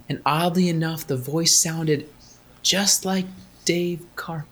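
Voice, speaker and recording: A man co-hosting a casual podcast, joking around in a slow, goofy way. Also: on the high side, slight background noise, poor audio. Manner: joking, slow and goofy, puts on silly voices. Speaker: podcast co-host.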